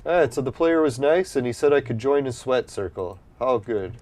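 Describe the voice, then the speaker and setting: A man's voice: mid-range voice, animated, normal speed, darkish tone. A man casually commenting while playing an online game, rambling and swearing freely, with a slightly stuffy nose from allergies. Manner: rambling, profane, easygoing. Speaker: gameplay streamer.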